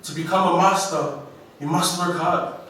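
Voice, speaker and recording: A man with a New Zealand accent giving an inspirational graduation speech, slow and emphatic, heard from far off through a hall's speakers. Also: high voice, steady tone, a bit bright, slight background noise. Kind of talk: ceremonial speech. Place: large school hall. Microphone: PA microphone, recorded from the audience. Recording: echoey hall from far off.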